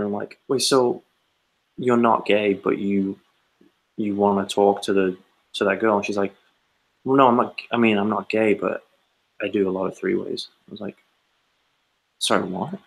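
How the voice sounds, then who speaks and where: A man's voice: lowish voice, gravelly, fairly bright tone, rough recording. A man co-hosting a casual podcast, telling a long rambling anecdote and acting out the quotes. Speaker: podcast co-host. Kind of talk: casual storytelling chat.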